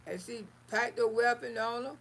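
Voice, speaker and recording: A woman hosting a live stream, telling a personal story in an animated, casual way and calling listeners honey. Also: a little high, normal speed, creaky.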